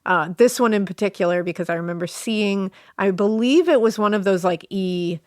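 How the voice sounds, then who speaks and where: A woman's voice: medium pitch, normal speed, a little mellow, no room sound, clean studio sound. A woman co-hosting a podcast in casual chat, bubbly and playful, often laughing. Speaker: podcast co-host.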